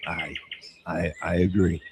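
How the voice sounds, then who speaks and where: A man's voice: low voice, flat delivery, unhurried, noisy background. A man hosting a livestream, reading chat aloud and rambling in a crude, sarcastic way.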